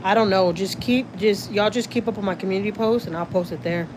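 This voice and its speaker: A woman's voice: mid-range voice, brisk. Houston woman w/ a texas accent going live from the car on her phone, loose and chatty, cusses a bit, light noise in the back. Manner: chatty, swears casually, reads viewer comments aloud. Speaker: vlogger, channel host. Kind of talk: casual livestream chat.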